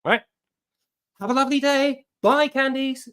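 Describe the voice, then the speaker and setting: A man's voice: extremely high pitch, unhurried, a bit bright, pitched above the performer's own voice. A man putting on a mock French accent to voice an overly polite, mock-formal male French government official on a phone call. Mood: chirpy.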